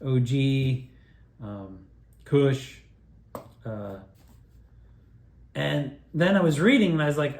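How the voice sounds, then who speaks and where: A man spins a meandering, excitable personal story, swearing freely and tripping over restarts. His voice sits at a middle pitch. The sound bounces around an echoey room. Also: slow, pauses often. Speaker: video creator telling his own story.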